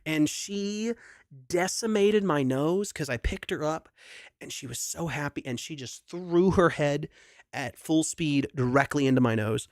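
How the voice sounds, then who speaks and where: A man's voice: fairly high pitch, unhurried, no room sound, clean studio sound. A young adult man, a singer hosting a livestream concert, chatting casually and rambling through a sentimental story with many restarts.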